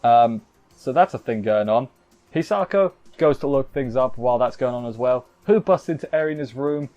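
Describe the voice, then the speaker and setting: A man's voice: mid-range voice, expressive, moderate pace, mellow, dull audio. A man giving a rambling, jokey live recap of an anime episode, often poking fun at himself. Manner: rambling, jokey, self-deprecating. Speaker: anime reviewer.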